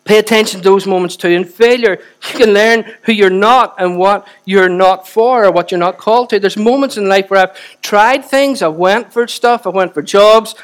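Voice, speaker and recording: A man's voice: high-pitched, normal speed. A man, preaching a sermon with chatty asides and repeated phrases for emphasis. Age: 40s. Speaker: pastor.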